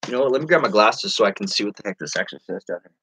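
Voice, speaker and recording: A man with a fairly low voice rambles through a casual live stream, chatting with viewers and reading their comments aloud as he goes. He talks in an easy, wandering way about whatever comes to mind. The sound is dry and close, with no room around it. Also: animated, rapid-fire, pushed and bright, husky, dry recording, rough recording. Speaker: eBay reseller hosting a live stream.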